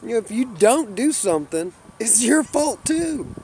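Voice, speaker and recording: A man rambling in a casual vlog, swearing freely and saying "you know" constantly, and getting loud and heated when he tells a story. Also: very high voice, sing-song, a little slow, a little hiss or hum. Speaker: vlogger. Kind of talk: rambling casual monologue to camera.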